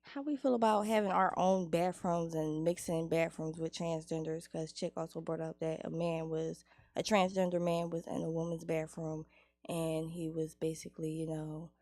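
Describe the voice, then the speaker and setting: A woman's voice: low voice, steady tone, no room sound. Chatty woman radio host, dry studio sound. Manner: chatty, laughing, rapid plugs and shout-outs. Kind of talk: casual radio chat.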